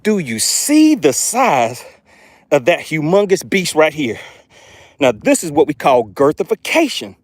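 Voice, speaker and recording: A man streaming live from a fishing boat, breathless and excitable, his voice leaping up and down as he calls out to his viewers. The sound is dry and close, with no room around it. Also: on the high side, unhurried, no room sound. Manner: excitable, keeps exclaiming and addressing viewers as guys. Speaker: fishing channel host.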